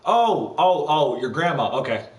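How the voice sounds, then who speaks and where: Guy streaming games, sounds far off in an echoey room, jokey, trips over words reading a book out loud. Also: on the high side, big pitch swings. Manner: jokey banter, reads a novel aloud haltingly. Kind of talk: gaming livestream chat and reading aloud. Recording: roomy sound from away from the mic.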